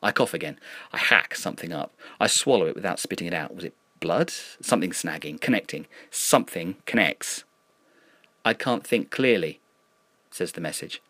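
A man reading a first-person horror story aloud in an uneasy, brooding, measured way. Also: low voice, animated, bright, forceful tone, no echo.

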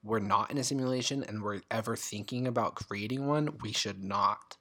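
Skeptical young woman with a husky voice. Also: very deep voice, bright, forceful tone. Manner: skeptical, argumentative, quick to laugh. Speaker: podcast co-host. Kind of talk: casual chat.

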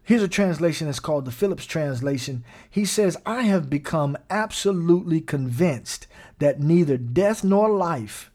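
A man's voice: on the high side, animated, moderate pace, a little mellow. A man preaching a podcast sermon while seated, emphatic and repeating his phrases, chuckling often. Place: seated indoors.

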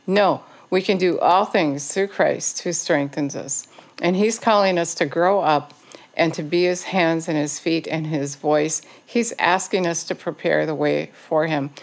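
Low gravelly woman preaching earnestly. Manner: earnest, exhorting, repetitive phrasing. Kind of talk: sermon.

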